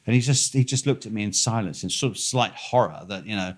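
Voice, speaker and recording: A man's voice: fairly low pitch, brisk, few pauses. A man telling a long, rambling, profane anecdote with many fillers and restarts.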